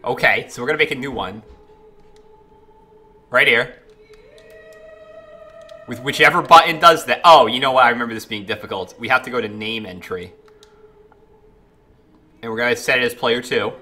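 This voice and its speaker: A man's voice: mid-range voice, normal speed, pauses often, pushed and bright. A man chatting casually while streaming a game, greeting viewers and reacting to it. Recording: game music playing behind. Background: faint game music.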